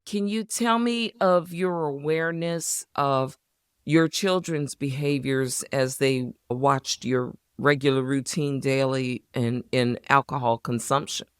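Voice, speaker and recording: Smooth-voiced measured interviewer. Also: medium pitch, no room sound, studio quality. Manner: measured, prompting questions. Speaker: interviewer and host. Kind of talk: gentle interview questions.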